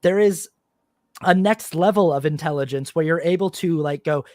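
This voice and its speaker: A man's voice: on the high side, normal speed, mellow, no room sound, studio quality. A man hosting a podcast, talking casually and animatedly, slipping into mock voices to quote people, with many fillers. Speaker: podcast host. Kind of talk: casual conversation.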